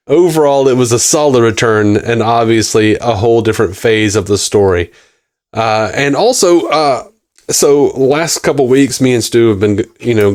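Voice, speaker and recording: A man's voice: mid-range voice, darkish tone. Joking male podcast co-host. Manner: joking, self-deprecating, trails off. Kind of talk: casual chat and reading listener mail.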